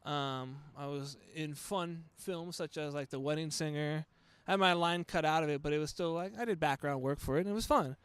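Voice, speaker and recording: A man's voice: fairly high pitch, fairly quick, clear, resonant tone, dry recording. A man, a standup comic, chatting casually as a guest in a laid-back, rambling way with playful voice bits. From Los Angeles. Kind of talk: casual chat.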